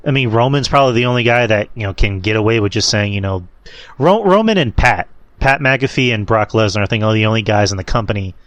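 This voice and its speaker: A man's voice: fairly low pitch, fairly bright tone, no echo. Host type, casual guy who cusses and tells stories, dry close sound. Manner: profane, storytelling, laughs at own anecdotes. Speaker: podcast host. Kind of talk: casual wrestling chat.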